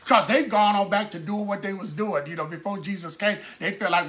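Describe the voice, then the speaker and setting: A man's voice: sits high, fairly quick, few pauses, fairly bright tone. A man preaching a sermon in a conversational storytelling way, acting out the people in his stories.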